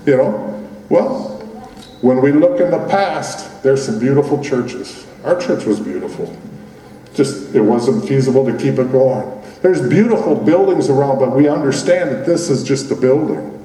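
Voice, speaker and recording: A man's voice: mid-range voice, lively intonation, unhurried, mellow. A male pastor giving a conversational sermon, full of fillers and restarts, in a church building that used to be a gym. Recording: roomy hall from far off.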